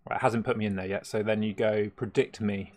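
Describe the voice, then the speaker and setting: A man's voice: lowish voice, fairly even intonation, a little fast, a little mellow. A man chatting casually on a live stream, rambling and laughing often, with many hesitant fillers.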